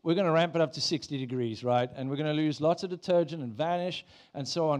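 A man's voice: a little high, quick pace, few pauses, darkish tone. A man, a pastor, preaching a sermon in a church in a conversational way, asking the congregation questions.

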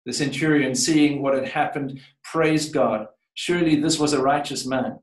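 A man with a mid-range voice reads scripture aloud at a moderate pace, then preaches a reflective sermon, often restarting and repeating words as he develops his point. He's recorded from a distance in an echoey church sanctuary.

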